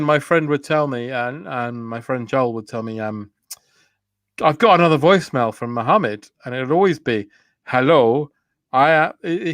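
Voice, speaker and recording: A man's voice: medium pitch, fairly bright tone, no echo, studio quality. A man co-hosting a casual comedy chat, telling playful anecdotes and putting on quoted voices. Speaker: co-host.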